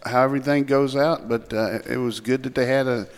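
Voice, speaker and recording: A man's voice: mid-range voice, steady tone, a little fast. Man, former coach turned analyst, folksy and teasing, casual sports talk, some reverb.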